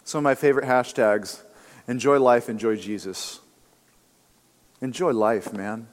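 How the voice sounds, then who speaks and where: A pastor preaching a sermon in a conversational, emphatic style with casual asides. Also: male voice, mid-range voice, measured pace. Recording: long reverb of a church hall.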